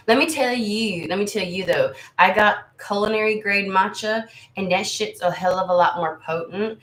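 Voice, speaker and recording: A woman's voice: mid-range voice, moderate pace, fairly bright tone, echoey room. An American woman hosting a tarot channel, chatting casually with viewers in a rambling, candid way and swearing freely. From United States. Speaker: tarot reader and channel host. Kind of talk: casual livestream chat with viewers.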